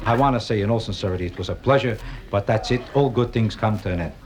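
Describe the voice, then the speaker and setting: A man doing stand-up comedy on a nightclub stage, with a deadpan, kvetching, sing-song delivery. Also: lowish voice, fast talker, rough recording. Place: nightclub stage before a live audience. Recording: 1962 live album with audience noise.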